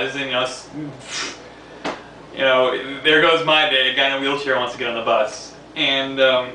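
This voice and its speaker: A man's voice: medium pitch, fairly even intonation, fairly quick, bright, forceful tone. A man from the New York City area telling a rambling, casual story, repeating words and laughing along the way. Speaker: vlogger. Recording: echoey room, distant from mic, faint hiss.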